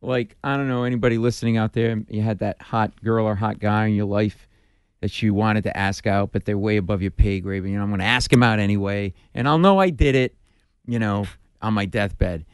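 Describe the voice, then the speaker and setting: A man, a stand-up comedian, telling a story in an animated way, acting out the voices and shrieking at the funny parts. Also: lowish voice, brisk, clear, resonant tone, no echo, studio quality. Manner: acts out dialogue, mimics screams, self-deprecating.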